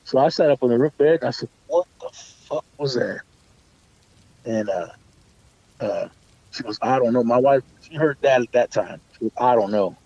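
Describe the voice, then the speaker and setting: A man's voice: medium pitch, expressive, brisk, warm tone, husky, no room sound. A man casually telling a personal ghost story, rambling with many restarts and fillers and swearing now and then. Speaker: guest storyteller. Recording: dull muffled dry sound.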